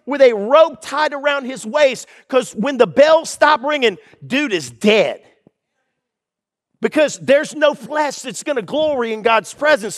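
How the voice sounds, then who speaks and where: Pastor, male, high voice, fervent preaching, dry close sound. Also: a bit bright, no room sound. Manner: fervent, preacherly, acts out quotes. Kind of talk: sermon.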